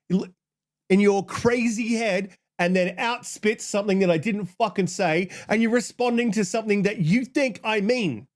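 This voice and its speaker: A man hosting his channel, ranting heatedly about an online argument, swearing a lot and reading out tweets in a flatter voice. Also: high-pitched. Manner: heated, profane, exasperated. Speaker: channel host. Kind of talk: ranting commentary.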